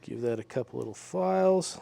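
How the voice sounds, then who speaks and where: A man talking through a guitar repair step by step in his workshop, relaxed and methodical as he works with his hands. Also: mid-range voice, fairly quick, vocal fry. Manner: relaxed, methodical, talks while working with hands. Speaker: luthier demonstrating a repair.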